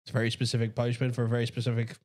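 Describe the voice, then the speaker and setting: A man's voice: medium pitch, completely flat delivery, rapid-fire, a little mellow. A Northern Irish man chatting casually over a video game, wry, laughing often and swearing freely. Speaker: game commentator. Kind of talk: casual gaming chat.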